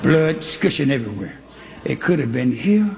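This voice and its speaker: Older man, gravelly high voice, shouting sermon, reverberant hall with congregation. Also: moderate pace. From Texas. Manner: shouting, animated storytelling. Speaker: preacher. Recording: live church hall with congregation.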